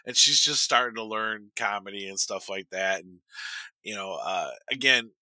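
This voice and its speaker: A man's voice: on the low side, normal speed, bright, forceful tone, no echo, poor audio. A middle-aged man chatting casually on a podcast, telling a long story with restarts and laughing at his own tale. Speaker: podcast co-host.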